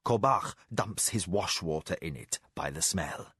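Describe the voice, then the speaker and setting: A cool-headed spy master who keeps his words few and his voice down low, as a male narrator puts him on. He sounds dark and flat in a dry, close audiobook read, every line clipped and measured. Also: slightly rough, dry recording, full character voice. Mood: hushed. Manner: low, hushed and terse. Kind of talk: audiobook character voice.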